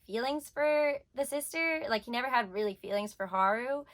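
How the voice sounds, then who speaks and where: A woman's voice: on the high side, moderate pace, fairly bright tone. A young woman reviewing a manga in casual chat, rambling with lots of filler words and getting emotional.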